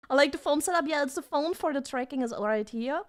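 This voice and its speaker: A bubbly young woman with a high, bright voice chats casually on a live stream, giggling often and reacting to her viewers. She sits at her home desk and talks straight into a desk mic. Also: expressive, moderate pace. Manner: bubbly, giggly, reads chat aloud. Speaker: vtuber streamer.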